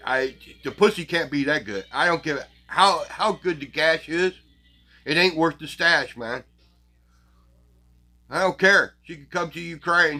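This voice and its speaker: A man's voice: fairly high pitch, unhurried, pushed and bright. A man hosting his own show, ranting bluntly and crassly at his viewers with heavy profanity and scornful laughs. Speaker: channel host. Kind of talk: profane casual rant to viewers.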